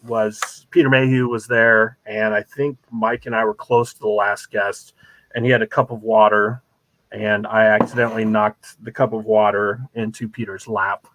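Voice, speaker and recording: A man as a guest on a show, telling rambling, animated stories full of ums and uhs. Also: lowish voice, moderate pace, no room sound. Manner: rambling, many fillers, animated storytelling. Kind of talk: casual chat, anecdotes.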